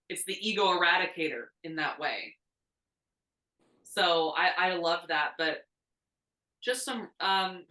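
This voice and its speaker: Podcast co-host, woman, low-pitched and bright, reflective, a bit off-mic in a roomy space. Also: distant mic. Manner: reflective, earnest storyteller. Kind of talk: casual spiritual podcast chat. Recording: echoey room, off-mic.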